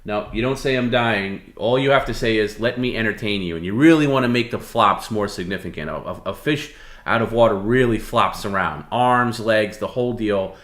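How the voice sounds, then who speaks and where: A man co-hosting a live stream, giving bossy, deadpan instructions. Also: lowish voice, moderate pace, reverberant. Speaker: stream co-host.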